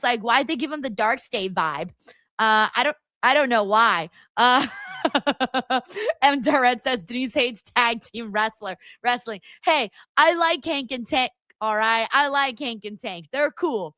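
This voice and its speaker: A woman's voice: fairly high pitch, sharp tone, no echo, clean studio sound. A woman hosting a live watchalong stream, chatting bluntly with her viewers in a casual, rambling way. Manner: chatty, blunt, full of fillers and asides to chat. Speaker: livestream host.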